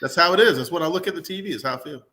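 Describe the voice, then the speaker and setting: Talking very fast in a slightly high voice, a man in his thirties guests on sports radio as a Clemson fan. He's joking and animated, telling casual, funny football stories.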